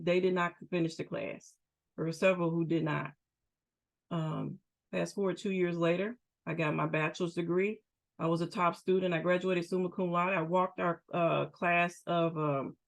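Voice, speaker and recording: A middle-aged woman, a podcast host and therapist, telling her personal story in a candid, emphatic, conversational way with frequent restarts. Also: fairly low pitch. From United States.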